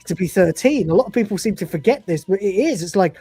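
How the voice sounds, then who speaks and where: A podcast co-host in his forties riffs through a casual live episode review, crude, swearing freely, and laughing often between thoughts. His middling-pitched voice is warm and husky, very animated and brisk with hardly any pauses. The recording is dry and close, with a little faint music behind.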